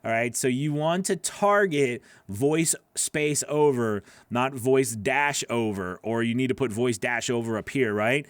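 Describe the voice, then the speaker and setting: Male voice-over coach, mid-pitched, casual and encouraging live critiques full of fillers; dry, close sound at home. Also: measured pace, hardly any pauses, clear, resonant tone, no echo. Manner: casual, encouraging, repeats phrases with many fillers. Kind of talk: live critique of freelance gig pages.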